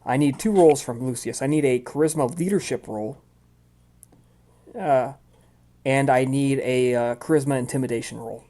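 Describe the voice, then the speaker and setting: A man's voice: mid-range voice, normal speed, warm tone. Man, game master, loose chatty narration, tabletop game. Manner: loose and chatty, with many fillers.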